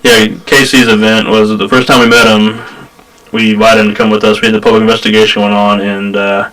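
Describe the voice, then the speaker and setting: A man hosting a paranormal show, telling a story in animated casual chat. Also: on the low side, brisk, low-quality recording. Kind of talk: casual chat on a live stream.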